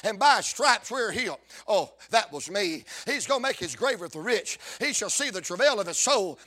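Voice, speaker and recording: A man preaching a fiery sermon, rhythmic and building to shouts. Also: high voice, lively intonation, moderate pace.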